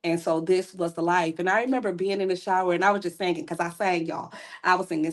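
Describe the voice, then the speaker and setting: A woman's voice: lowish voice, brisk. A woman guest on a podcast, sharing a candid personal faith testimony in an earnest, storytelling way with casual asides.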